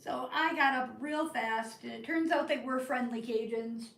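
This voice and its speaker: A woman telling a rambling story to her live chat from the northern United States, in an animated, chatty way. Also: high-pitched, moderate pace, gravelly. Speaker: live-stream crafting host. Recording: roomy, from a distance.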